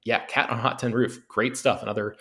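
A man's voice: mid-range voice, flat delivery, brisk, sharp tone. A man from the United States chatting casually as a podcast co-host, rambling and hesitant, often restarting his sentences. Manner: rambling, hesitant, trails through many restarts.

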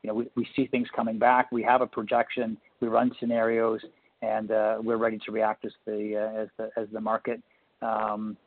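A man speaking as a company executive on an earnings call, halting with many fillers. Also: lowish voice, monotone, no echo. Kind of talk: conference call answer. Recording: tinny phone line.

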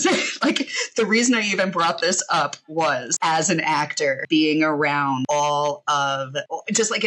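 A woman with a New York accent chats as a guest in a relaxed interview, lively and quick to laugh. Her voice is bright and forward, with a slightly husky edge. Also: lowish voice, low-quality recording. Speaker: guest improv performer. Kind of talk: casual interview chat.

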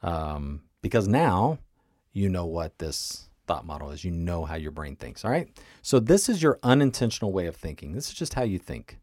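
A man with a lowish voice talks listeners through a coaching tool on his podcast. He explains casually and keeps checking in with "right?" and "okay?". The sound is close and dry. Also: very animated, normal speed, a little mellow, no room sound. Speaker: life coach and podcast host.

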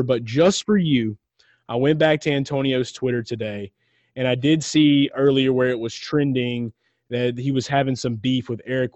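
A man co-hosting a casual podcast, talking in an excitable, rambling way and swearing freely. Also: medium pitch, dry recording. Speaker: podcast co-host.

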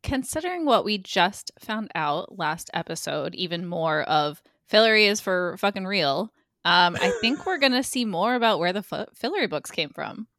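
A woman co-hosting a TV rewatch podcast, chatting casually in a relaxed, candid way. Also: on the low side, normal speed, dry recording, studio quality. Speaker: podcast co-host. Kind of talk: casual chat.

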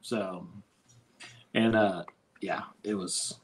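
A man's voice: sits low, fairly even intonation, very slow, a little hiss or hum, low-quality recording. A man co-hosting a podcast, telling a story in a rambling, easygoing way with lots of swearing. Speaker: podcast co-host. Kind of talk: casual storytelling chat.

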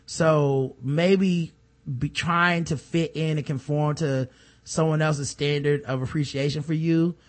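A man co-hosting a podcast, chatting casually and reading listener emails aloud with low muttered asides. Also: fairly even intonation, slow. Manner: laid-back, drops into a low mutter for asides, reads letters aloud. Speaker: podcast co-host.

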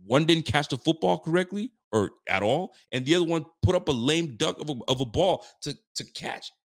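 A man's voice: a little high, lively intonation, fairly quick. Fired-up man ranting after a game. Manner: ranting, emphatic, addresses viewers as folks; holding volume down while fired up. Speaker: sports fan show host. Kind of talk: late-night post-game reaction livestream.

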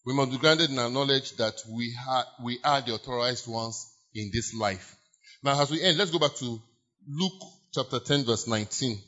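A man preaches as pastor in a medium-pitched, bright, forceful voice at normal speed. Emphatic throughout, he repeats key phrases and elongates words for stress while his congregation follows him in call-and-response declarations. The sound is dull lo-fi church audio.

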